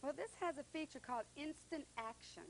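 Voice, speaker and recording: A woman co-hosts a home shopping broadcast, demonstrating features in an upbeat, step-by-step way. Her voice is notably high, with a faint hiss in the background. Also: brisk, low-quality recording. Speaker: co-host and product demonstrator.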